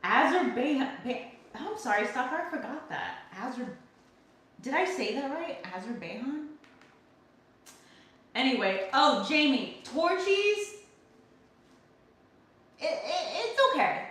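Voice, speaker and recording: Animated young woman ranting, echoey room. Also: a little high. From California. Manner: ranting, animated, swears freely. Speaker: livestream host. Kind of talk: casual livestream chat reading comments. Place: home kitchen.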